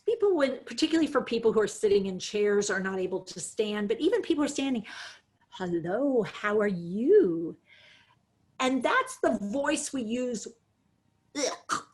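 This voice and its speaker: Lively woman presenting a care webinar. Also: on the high side. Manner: lively, demonstrative, acts out examples. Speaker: dementia care educator. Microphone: video call.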